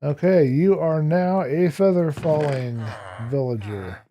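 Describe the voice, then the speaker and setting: Man, streamer, casual gameplay commentary, slow, very mellow tone, chatty, chuckles often. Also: fairly high pitch. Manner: chatty, talks to game characters, chuckles often.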